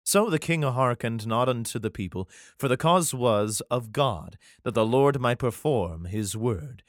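A man's voice: medium pitch, no room sound, clean studio sound. A man hosting a podcast, reading old scripture aloud and breaking off into crude, irreverent jokes. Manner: irreverent, profane asides. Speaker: podcast host.

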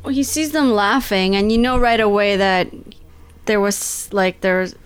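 A woman's voice: medium pitch, a little slow, smooth. A woman co-hosting a podcast, chatting casually about a movie and searching for words. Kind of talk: casual movie-talk chat.

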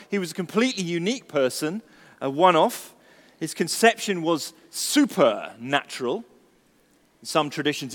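A man's voice: sits high, fairly bright tone, in a large hall. A male pastor giving a Christmas sermon, chatty and storytelling with touches of humour. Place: church service.

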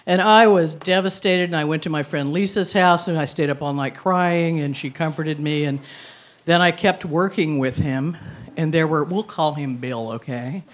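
A woman's voice: deep voice, normal speed. A woman in her sixties tells a personal story on stage before an audience, wry and self-mocking, laughing through her lines.

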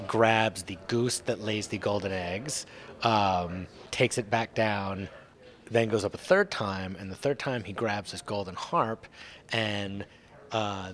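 A man retells a fairy tale slowly and with dry humor. His voice is low and unhurried. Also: fairly bright tone. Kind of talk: comic storytelling.

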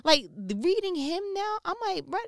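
A woman giving a casual devotional talk on faith, slangy and animated, acting out the voices she quotes. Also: mid-range voice, moderate pace, no room sound, clean studio sound. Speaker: faith speaker.

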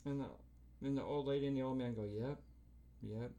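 A man's voice: mid-range voice, fairly even intonation, racing, warm tone, highs cut off. A middle-aged man co-hosting a podcast, telling a long, profane story with a lot of filler and acting out other people's lines. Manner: profane rambling storyteller, acts out quotes. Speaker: podcast co-host. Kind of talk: casual chat.

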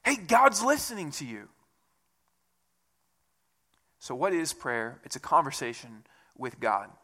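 A man preaching a conversational sermon as a church pastor, with self-deprecating asides and a relaxed, talky delivery. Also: on the high side, moderate pace.

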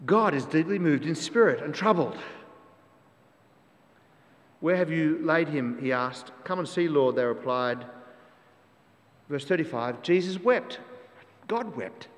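A man's voice: on the high side, a little slow, long pauses. A man preaching a sermon to a congregation, emphatic, repeating key phrases and asking rhetorical questions. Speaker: pastor. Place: church with long reverb. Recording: long church hall reverb.

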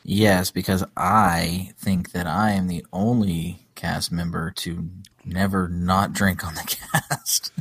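A man with a deep voice chats easily on a podcast, pausing often with ums and restarts. His tone stays relaxed and unhurried. The recording is dry and close. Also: slightly rough, no room sound. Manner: easygoing, hesitant, many ums. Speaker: podcast co-host. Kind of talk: casual chat.

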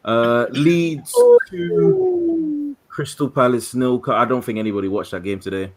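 A man's voice: mid-range voice, very animated, measured pace, husky. Wry man hosting a podcast. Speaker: podcast host. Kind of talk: casual football chat.

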